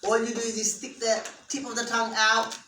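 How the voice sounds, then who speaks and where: A woman's voice: fairly high pitch, level tone, fairly quick. A woman teacher leading an interactive class, patiently explaining step by step and having the students repeat after her. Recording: echoey room, distant mic, faint noise.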